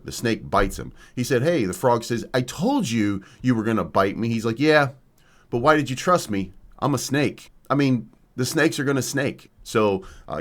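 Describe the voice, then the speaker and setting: A man hosting a crypto channel, lecturing viewers in a combative, repetitive rant. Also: on the low side. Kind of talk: casual ranting commentary.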